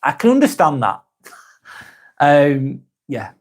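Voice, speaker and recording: A man with a Lancashire accent, hosting a casual live vlog and reading viewers' comments aloud, then answering them in a softer, lower voice. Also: big pitch swings, slow pace. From Darwen, near Blackburn, northern England. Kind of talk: casual live-stream chat.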